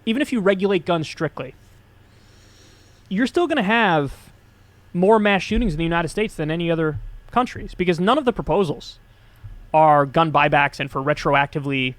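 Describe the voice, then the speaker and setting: A man speaks in a measured way, weighing each point and correcting himself as he thinks aloud. His pitch is a little high for a man. He sounds like a political commentator in a played clip. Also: no room sound.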